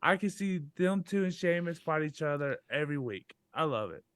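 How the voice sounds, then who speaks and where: A man's voice: on the high side, moderate pace, clean tone, dry recording. Joking man, dry close sound. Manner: joking, animated storytelling about drinking. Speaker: podcast co-host. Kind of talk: casual chat.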